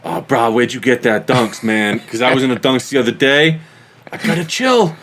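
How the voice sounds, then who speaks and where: A man's voice: mid-range voice, normal speed, a bit bright, lightly acted. A man putting on an exaggerated mock New England accent as a brash, chummy local guy. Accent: mock Boston.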